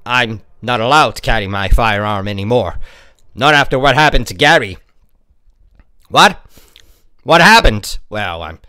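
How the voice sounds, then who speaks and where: A man's voice: mid-range voice, clear, resonant tone, no echo, pitched below the performer's own voice, exaggerated voice. A man doing a grizzled, rambling detective. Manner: deadpan, faltering, rambling. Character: grizzled coffee-addicted male detective, rambling. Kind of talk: spoof sponsor ad.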